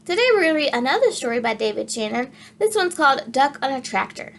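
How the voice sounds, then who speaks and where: A woman reading a children's picture book aloud, with expressive, animated storytelling. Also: sits high, fast talker, vocal fry. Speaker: storybook reader.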